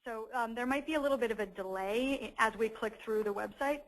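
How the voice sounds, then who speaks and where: A woman's voice: fairly high pitch, fairly quick, rough recording. A young adult woman presenting a webinar and walking listeners through a website, explaining in a friendly way with frequent fillers. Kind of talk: presenting a webinar with a screen walkthrough.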